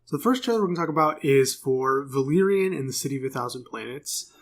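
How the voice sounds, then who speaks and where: A man's voice: medium pitch, lively intonation, quick pace. Chatty man co-hosting a podcast. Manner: rambling, filler-heavy, self-correcting. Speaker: podcast co-host. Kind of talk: casual chat.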